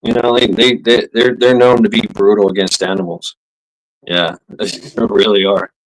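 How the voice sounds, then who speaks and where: A man's voice: on the low side, little pitch movement, normal speed, low-quality recording. A man streaming, telling a story in a casual, rambling way, swearing often, laughing and restarting his sentences. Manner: profane, laughing, full of fillers and restarts. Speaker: live streamer.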